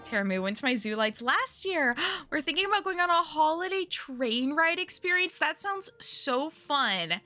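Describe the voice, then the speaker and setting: A young woman chats casually with her stream viewers from home. She rambles and giggles, her voice bright and lively as it swoops up and down. Quiet music plays beneath her. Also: high-pitched, moderate pace, few pauses. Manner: chatty and giggly, lots of likes and you knows. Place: at home, indoors.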